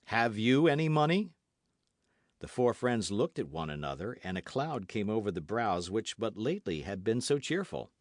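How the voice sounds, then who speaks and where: A man narrating a classic novel as an audiobook, reading in an expressive, dramatic manner. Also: on the low side, normal speed, few pauses, no room sound, studio quality. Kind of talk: scripted narration.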